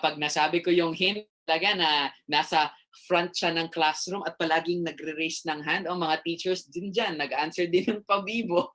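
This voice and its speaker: A man's voice: a little high, bright, forceful tone. A man with a Filipino accent giving an interactive motivational talk to a student assembly, playfully quizzing his listeners over a video call. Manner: playful, quizzing the audience, mixing English and Tagalog. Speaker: speaker at a student government assembly.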